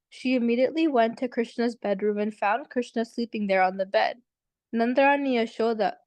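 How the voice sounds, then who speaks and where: A woman's voice: fairly high pitch, a little mellow, no echo. A woman steadily reading a devotional story aloud to a group.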